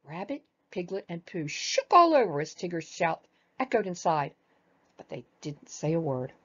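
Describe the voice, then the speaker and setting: An older woman reads a children's storybook aloud, gentle and expressive, with a fairly low voice. The recording is dull and lo-fi. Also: normal speed, husky.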